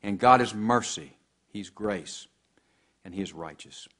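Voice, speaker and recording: Low-voiced man preaching a sermon. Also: a little slow, fairly bright tone. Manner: preaching with scripture quoted in old English, rising and falling emphasis.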